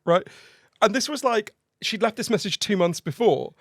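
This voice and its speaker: Fast-talking, excitable male storyteller. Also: high-pitched, no echo, clean studio sound. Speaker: podcast guest, author. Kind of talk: animated anecdote telling.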